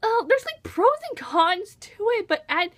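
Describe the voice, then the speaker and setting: A woman's voice: extremely high pitch, very animated, unhurried, fairly bright tone. A teenage American girl reviewing a book in a casual vlog. She gushes, saying "like" and "oh my gosh" all the time. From United States. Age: teens. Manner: gushing, enthusiastic, full of "like" and "oh my gosh".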